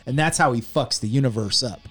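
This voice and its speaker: A man's voice: mid-range voice, a little fast, a bit bright, soft background music. A man co-hosting a podcast, casually recapping a movie, acting out scenes and laughing, with light swearing. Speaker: podcast co-host. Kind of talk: casual movie review chat.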